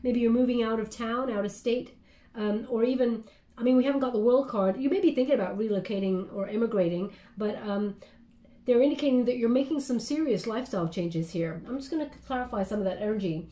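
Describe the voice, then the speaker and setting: Woman tarot reader, higher-pitched and mellow, rambling and chatty, recorded in an echoey room. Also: fairly quick. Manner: chatty and meandering, often checking in with "okay?". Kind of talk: casual spoken tarot reading. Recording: roomy echo.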